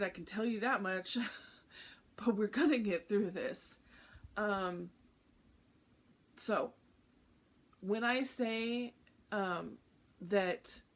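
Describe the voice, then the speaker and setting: A woman hosting a cross-stitch vlog in casual chat, candid and heartfelt, often laughing. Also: mid-range voice. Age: adult with a teenage son.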